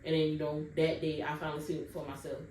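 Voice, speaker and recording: A woman's voice: sits low, level tone, fast talker, darkish tone. A young woman in a casual storytime vlog, chatting to her viewers and addressing them directly. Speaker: vlogger. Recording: roomy, distant mic, faint background noise.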